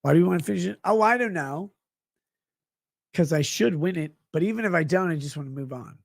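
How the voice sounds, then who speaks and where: A man with a gravelly, husky voice, rambling sarcastically and crudely in a played stream clip. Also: high voice, expressive, a little fast, dry recording, studio quality.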